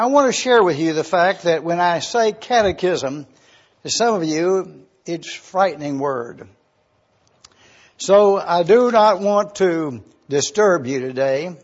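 An older man preaching a sermon, slowly asking questions and repeating his points. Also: high voice. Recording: dull lo-fi recording.

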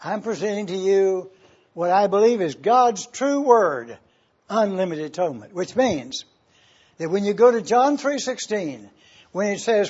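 Husky high-voiced male preacher. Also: expressive, unhurried, highs cut off. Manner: emphatic preaching, swells loud on key phrases, drops soft and low. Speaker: pastor. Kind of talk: sermon.

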